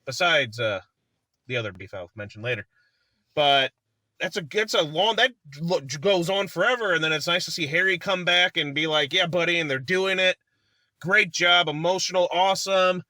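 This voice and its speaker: A man's voice: a little high, lively intonation, normal speed, bright, forceful tone, dry recording. A man chatting casually in a movie review, rambling and enthusiastic, laughing often and acting out lines from the film.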